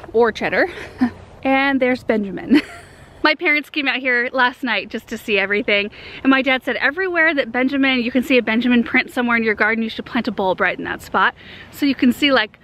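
A woman's voice: on the high side, a bit bright, slight background noise. A woman hosting a gardening vlog outdoors in a large home garden, talking in a chatty, rambling way with frequent ums. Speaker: gardening channel host. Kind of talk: casual vlog walkthrough.

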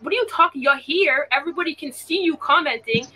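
A woman's voice: high voice, lively intonation, fast talker, sharp tone, a little hiss or hum, low-quality recording. A woman with a mixed Canadian and Boston accent, hosting a livestream and venting emphatically, often repeating her words. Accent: Canadian-Boston mix. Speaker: livestream host. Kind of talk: livestream chat.

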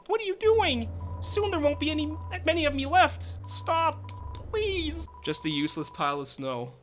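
A man voicing a meek, helpless talking snowman who pleads softly. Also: extremely high pitch, sing-song, normal speed, soft background music, voice pushed up. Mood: pleading. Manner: soft, pleading.

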